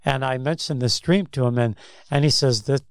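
A man's voice: mid-range voice, normal speed, clear, resonant tone, dry recording, clean studio sound. A man co-hosting a Christian talk show, telling stories in a rambling way that restarts and repeats words. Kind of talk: casual faith discussion, storytelling.

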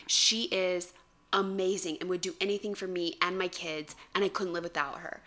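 A woman co-hosting a podcast in casual chat, an animated storyteller who laughs and swears freely. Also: on the low side, normal speed. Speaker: podcast co-host.

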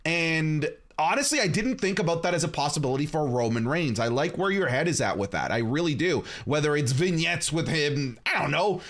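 Podcast host, young male, casual and excitable, slightly higher voice. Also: fairly quick, few pauses. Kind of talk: casual wrestling podcast chat.

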